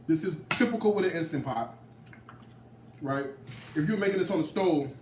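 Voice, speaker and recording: A sassy, playful man in his late thirties shows his cooking in a home kitchen and scolds his viewers. His voice sits a bit high for a man. He is picked up from a little way off the mic, in a roomy kitchen with faint noise behind him. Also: lively intonation, moderate pace, far from the mic. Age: late 30s. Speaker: home cook. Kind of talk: casual cooking demo.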